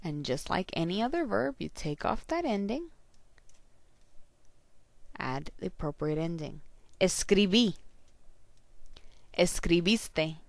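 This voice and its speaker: A woman teacher giving a recorded grammar lesson, slowly and carefully saying each verb ending aloud. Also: lowish voice, animated, gravelly, dry recording. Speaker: Spanish teacher.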